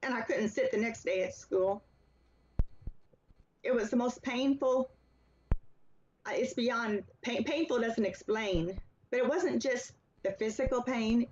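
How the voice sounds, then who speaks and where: A woman's voice: a little high, measured pace, long pauses, a little mellow, a little hiss or hum. Earnest woman telling her story, lo-fi. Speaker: author and interview guest. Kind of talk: personal testimony in an interview. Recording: slightly dull, lo-fi sound.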